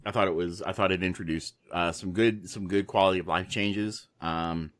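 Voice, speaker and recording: A man co-hosting a casual gaming podcast, talking in a relaxed, chatty way with many fillers. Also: deep voice, moderate pace. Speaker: podcast co-host.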